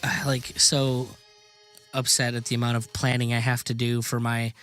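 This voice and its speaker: A man hosting a podcast, chatting casually with halting restarts and casual swearing. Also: mid-range voice, level tone, fairly bright tone, faint music behind. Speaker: podcast host. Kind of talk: casual interview chat.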